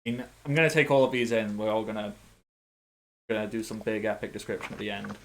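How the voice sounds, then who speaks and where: A man narrating as game master in a tabletop game, animated and playful, with sound effects. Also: on the low side, quick pace, slight background noise.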